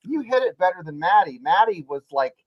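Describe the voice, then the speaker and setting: Man, podcast guest, joking storyteller, slightly high voice, muffled lo-fi sound. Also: big pitch swings, brisk. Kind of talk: casual chat.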